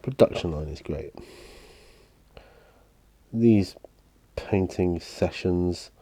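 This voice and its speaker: A middle-aged man chatting casually while painting miniatures, soft-spoken and rambling with many fillers. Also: deep voice, very slow. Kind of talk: relaxed paint-along chat.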